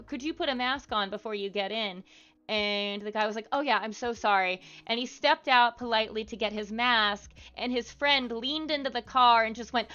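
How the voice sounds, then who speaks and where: A woman's voice: mid-range voice, a bit bright, clean tone, lo-fi sound. A woman streamer talking casually to her live chat, with lots of fillers and asides. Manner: chatty, frequent fillers.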